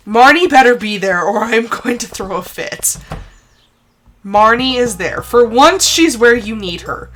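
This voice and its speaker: Expressive woman streamer muttering through gameplay. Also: on the high side, a little slow. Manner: exasperated, talks to herself, self-soothing. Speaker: streamer playing a farming game. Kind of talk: live game commentary.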